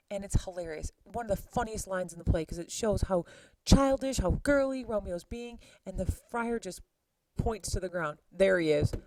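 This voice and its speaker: Woman teacher going over a play, chatty and lively, dark mellow voice, dry close sound. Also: medium pitch, no echo, poor audio. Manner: animated and chatty, paraphrasing lines in modern words. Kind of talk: lesson recap with paraphrased quotes.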